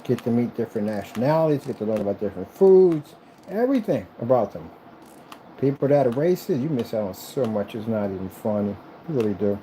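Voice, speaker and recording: Brief: chatty DIY vlogger man, dark mellow tone, swooping lively delivery. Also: medium pitch, brisk, slight background noise, rough recording. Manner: rambling, repetitive, enthusiastic. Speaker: PC builder and vlogger. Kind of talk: casual chat while building.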